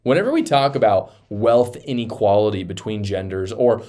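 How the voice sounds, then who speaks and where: A man giving reaction commentary on politics, animated and incredulous, laughing mid-sentence. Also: mid-range voice, normal speed.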